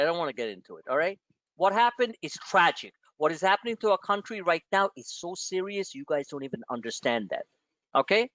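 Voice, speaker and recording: A man's voice: fairly high pitch, fairly bright tone, no echo. A man, a trading coach hosting a live member Q&A, who talks in a blunt and profane way straight at his listeners. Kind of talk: live online session, rambling rant. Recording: dull lo-fi, dry sound.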